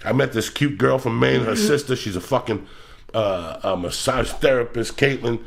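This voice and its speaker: A middle-aged man hosting a podcast, telling rambling, profane stories in a loud, animated way. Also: mid-range voice, moderate pace, vocal fry, very noisy. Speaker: podcast host. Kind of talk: casual podcast chat.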